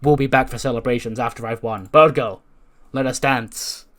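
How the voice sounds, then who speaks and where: A man voicing a cocky, overbearing female wrestler who talks down to her partner in a loud, teasing way. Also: mid-range voice, steady tone, normal speed, close to an everyday voice. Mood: bossy, condescending.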